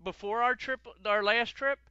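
Middle-aged guy chatting on a podcast, smooth clear voice, a bit dull lo-fi sound. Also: very high voice, normal speed, no echo. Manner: animated storyteller, repeats words when excited. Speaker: podcast co-host. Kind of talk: casual chat.

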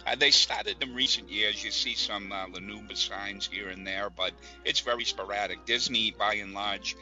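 A man with a Boston accent chatting on a podcast, telling stories in a measured way. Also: lowish voice, pushed and bright, faint music behind. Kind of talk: casual chat. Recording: slightly dull lo-fi audio.

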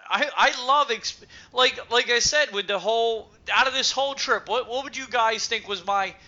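A man's voice: very high-pitched, normal speed, pushed and bright, lo-fi sound. A man co-hosting a podcast in casual chat, stuttering and emphatic. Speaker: podcast co-host.

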